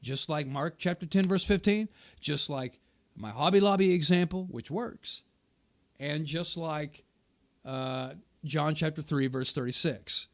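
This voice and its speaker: A man's voice: on the high side, a little slow. A man hosting his channel, combatively rebutting a debate opponent's quoted remarks and hammering his points through repetition. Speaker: channel host. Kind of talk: argumentative commentary on a debate video.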